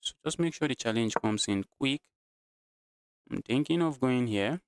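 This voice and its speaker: Sounding weary, a chess streamer talks through his live games and addresses his chat, often repeating himself. His medium-pitched voice is expressive and clean-toned, at a normal speed, with no echo.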